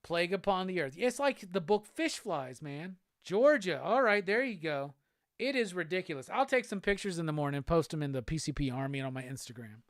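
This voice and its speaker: On his live stream, a laid-back Southern US man chats over viewer comments, cursing freely and laughing often. His voice is a little high, with lively intonation and a brisk pace. Clean studio sound, no echo.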